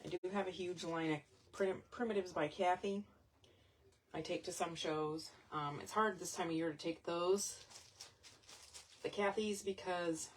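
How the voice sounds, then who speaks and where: A woman's voice: fairly low pitch, steady tone, measured pace, a little hiss or hum. A woman vendor chatting casually and rambling as she shows her items in a selling vlog. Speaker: vintage and jewelry vendor.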